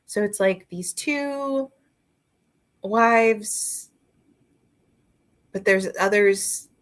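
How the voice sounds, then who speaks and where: Woman booktuber, slow rambling chat, loose and unscripted, filler-heavy. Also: medium pitch. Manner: rambling, chatty, full of fillers and asides; talks to her viewers and a friend directly. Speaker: book reviewer. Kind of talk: casual book review chat.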